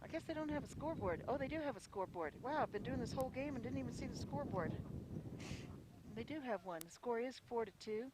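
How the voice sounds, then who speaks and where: A live radio play-by-play voice calling a small-town baseball game from a windy outdoor ballpark. The delivery is chatty and folksy, checking details aloud and correcting itself, at a middling pitch. Clear background noise from the open-air field sits under the voice. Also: animated, quick pace. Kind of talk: live radio sports commentary.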